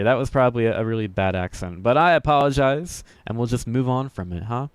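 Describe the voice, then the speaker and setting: Smooth-voiced upbeat male game commentator. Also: medium pitch, animated, brisk, few pauses, no room sound. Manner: upbeat, jokey, self-deprecating, chuckles often. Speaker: esports commentator.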